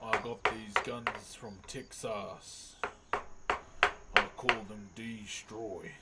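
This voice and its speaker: A man doing a slow, drawling voice of a gruff, rough-talking cowboy outlaw. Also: lowish voice, steady tone, heavy background noise, pitched below the performer's own voice.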